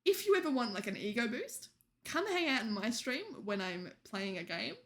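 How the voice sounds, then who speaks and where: A woman's voice: a little high, lively intonation, normal speed, a bit bright. Chatty teasing woman streamer. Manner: chatty and teasing, laughs often. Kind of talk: casual late-night chat with viewers.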